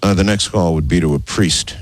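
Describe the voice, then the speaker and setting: A man's voice: low-pitched, brisk, no echo. A man hosting an interview, asking skeptical, probing questions. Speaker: host. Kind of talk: radio interview.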